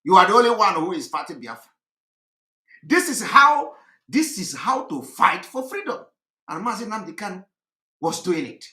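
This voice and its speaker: A man giving impassioned political commentary, fervent and repetitive, often breaking into shouts. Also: high-pitched, sing-song, moderate pace, long pauses. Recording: echoey room.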